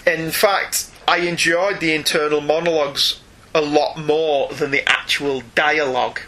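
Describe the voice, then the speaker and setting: An English man co-hosting a casual comics podcast, chatty and animated with jokey asides. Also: fairly high pitch, a little slow, slight background noise. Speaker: podcast co-host.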